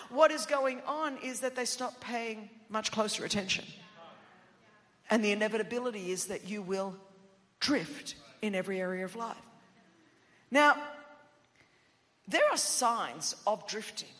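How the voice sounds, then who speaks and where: A woman preaching a sermon in a church, emphatic and building to shouted declarations between chatty asides. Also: a little high, animated, moderate pace. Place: large church auditorium. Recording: long church-hall reverb.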